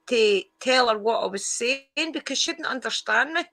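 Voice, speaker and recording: A woman's voice: on the high side, animated, slow pace, fairly bright tone. A woman with a Scottish accent, telling stories in a casual chat and laughing easily. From Scotland. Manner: chatty storyteller, laughs easily.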